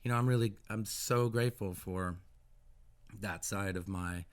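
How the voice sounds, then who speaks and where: A middle-aged American man talking as a musician guest in a casual radio interview, halting with many restarts and animated asides. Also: fairly low pitch. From United States.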